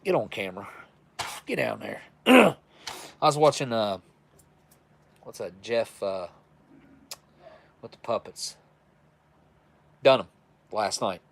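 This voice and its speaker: A man's voice: on the low side, expressive, slow pace, creaky, pauses often. A man hosting a casual livestream, reviewing old military rations and chatting with viewers in a folksy, self-described redneck way.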